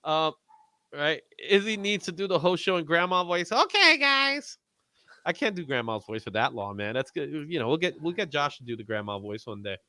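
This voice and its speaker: A male host in casual livestream chat, his voice high and bright. He talks with animated swings in pitch and laughs often, recorded close and dry. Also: a little fast, no echo.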